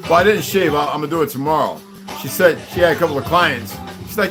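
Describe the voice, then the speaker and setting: A livestream host rambles through a casual monologue, telling stories and acting out the dialogue of the people in them. His voice is on the high side and animated, he talks fast, and music plays underneath.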